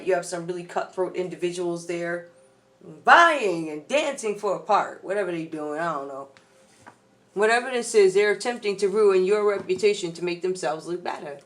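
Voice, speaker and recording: A woman doing a casual tarot reading, chatty and loose, talking straight to her viewers. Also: medium pitch. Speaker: tarot reader.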